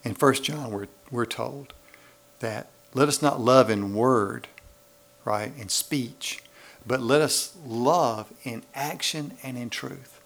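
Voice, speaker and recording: Gravelly-voiced preacher. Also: male voice, mid-range voice, slow pace. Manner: animated preaching, acting out voices. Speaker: pastor. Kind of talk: sermon. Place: church.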